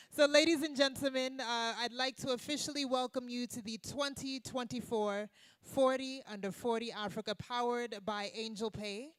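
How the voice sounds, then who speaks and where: In a banquet hall one evening, a woman emcees an awards gala, keeping things upbeat and getting the crowd to respond. Her high-pitched voice is fairly bright, and the recording is dry.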